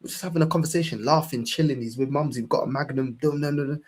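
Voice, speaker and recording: Young London man, fan-show host, husky, impassioned and profane. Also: medium pitch, fast, darkish tone. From England. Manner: impassioned, swearing, repeats "bro". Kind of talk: casual podcast chat.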